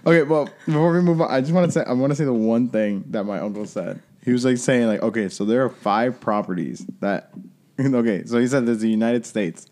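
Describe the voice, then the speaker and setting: A man's voice: medium pitch, quick pace, mellow. A man co-hosting a podcast, joking and teasing in casual banter. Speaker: podcast co-host.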